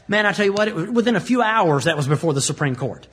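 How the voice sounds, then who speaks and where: A preacher delivers a sermon with a high, husky voice. He is emphatic, drives points home through repetition, and explains scripture in plain words. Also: expressive, fast, fairly bright tone.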